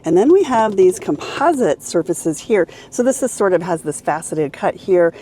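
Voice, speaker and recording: Low mellow woman touring a car. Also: lively intonation, normal speed. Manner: upbeat, explains features one by one. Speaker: car reviewer. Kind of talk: casual car interior walkthrough.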